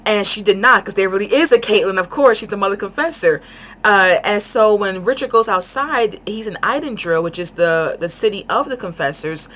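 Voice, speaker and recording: Excited rambling woman reviewing a book. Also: mid-range voice, moderate pace. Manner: excited, rambling, many fillers.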